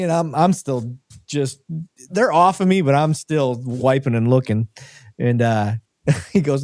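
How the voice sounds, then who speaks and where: Animated male podcast host, mellow voice. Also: mid-range voice, measured pace, dry recording, studio quality. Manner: animated, laughing while telling a story. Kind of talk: casual storytelling on a live podcast.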